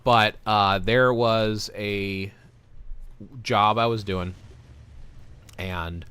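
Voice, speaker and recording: Rambling low-voiced streamer guy. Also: steady tone, drawn-out words, a bit bright, clean tone. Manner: rambling, self-interrupting storyteller. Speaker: gaming livestream host. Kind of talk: casual chat with viewers.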